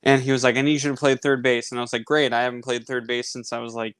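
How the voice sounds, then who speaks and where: Rambling storytelling man, smooth clear voice. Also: medium pitch, fast talker, no echo. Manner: rambling, animated anecdote with many fillers. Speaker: podcast host. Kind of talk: casual storytelling.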